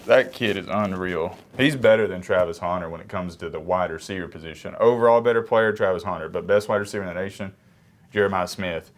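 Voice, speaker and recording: A young man with a cold giving casual, low-energy sports commentary to camera, sometimes moving away from the mic. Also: fairly quick. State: sick, congested. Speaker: sports reaction YouTuber.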